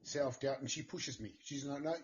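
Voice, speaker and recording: An earnest man guest talks about his writing, halting and searching for words. His voice sits at a middle pitch. The line sounds dull, with a faint hiss behind it. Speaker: guest author. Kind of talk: casual interview chat.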